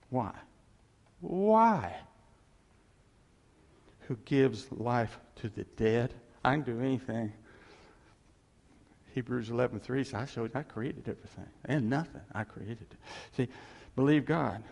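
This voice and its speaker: A man preaching a sermon in an animated way, swinging from loud emphasis to hushed asides and laughing at his own jokes. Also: mid-range voice, vocal fry. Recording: long hall reverb.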